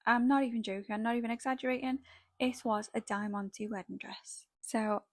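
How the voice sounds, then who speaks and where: Chatty young woman, flat delivery. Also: fairly high pitch, brisk, no room sound. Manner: chatty, filler-heavy storytelling with frequent "like". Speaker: makeup artist vlogger. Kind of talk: casual storytime while doing makeup.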